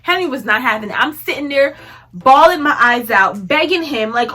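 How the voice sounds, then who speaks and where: A woman's voice: high-pitched, expressive, moderate pace, pushed and bright, husky. A young woman telling a personal story in a casual storytime vlog, laughing often and acting out what people said. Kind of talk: casual storytime while tweezing.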